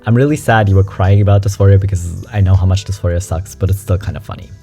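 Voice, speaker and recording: A young adult nonbinary vlogger reacting to memes in a chatty, frank, animated way, swearing casually. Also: low-pitched, fast talker, faint music behind. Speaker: meme reaction host. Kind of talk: casual meme commentary.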